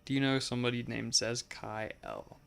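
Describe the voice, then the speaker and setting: A man's voice: mid-range voice, very animated, moderate pace, creaky, a bit bright, a little hiss or hum. A man hosting a let's play, giving casual gameplay commentary in a chatty, musing way, often saying "like" and laughing.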